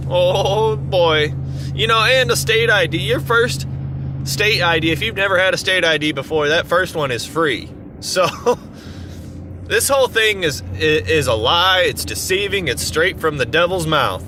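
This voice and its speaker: A man's voice: high voice, expressive, unhurried, noisy background. A man ranting in an exasperated, sarcastic way in an opinion vlog. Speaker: vlogger. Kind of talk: opinion rant to camera.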